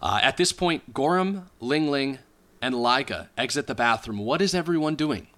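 A man runs a tabletop game and narrates the scene in a relaxed, descriptive way, chuckling now and then. His voice is bright and clear, at a middle pitch. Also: normal speed. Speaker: game master.

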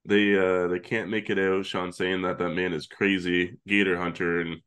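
A man with a very low voice co-hosts a podcast. He retells film scenes in long, loose stretches, laughing along and swearing casually. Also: flat delivery, normal speed, a bit bright. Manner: recaps the plot at length, laughing and swearing freely. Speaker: podcast co-host. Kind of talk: casual chat.

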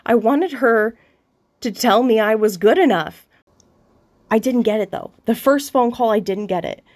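A woman's voice: a little high, expressive, darkish tone. A young adult woman hosting a podcast, telling a personal story in a candid, confessional way, with restarts and occasional swearing. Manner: halting, with frequent restarts. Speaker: podcast host.

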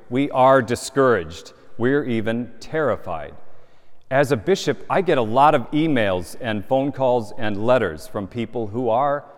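A man who is a bishop, preaching a sermon in a large cathedral in an earnest, conversational way and asking rhetorical questions. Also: mid-range voice. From Gulf Coast of the United States. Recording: long cathedral reverb.

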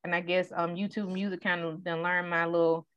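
A woman in her thirties talks casually and tells stories animatedly, playing out each quote. Her voice sits on the low side. The recording is dry and a little dull. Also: a little fast, smooth, no echo. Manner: animated storyteller who acts out quotes. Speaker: guest sharing her story. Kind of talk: casual conversation.

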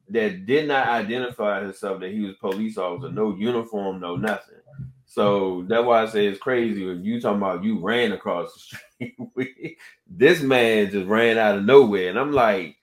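A man co-hosting a podcast, telling a story in a casual, animated way and acting out the people in it. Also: fairly low pitch, normal speed. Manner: animated storyteller, acts out quoted exchanges. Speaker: podcast co-host. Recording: roomy echo.

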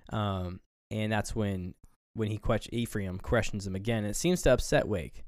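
A man's voice: lowish voice, fairly even intonation, moderate pace, darkish tone, no echo, clean studio sound. A man co-hosting a casual film review chat, rambling through scenes and acting out quoted lines. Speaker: podcast co-host.

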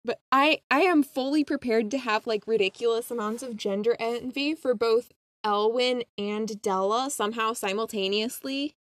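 A young woman in casual fan chat, excitable, laughing often and tossing in quick asides. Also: on the high side, dry recording.

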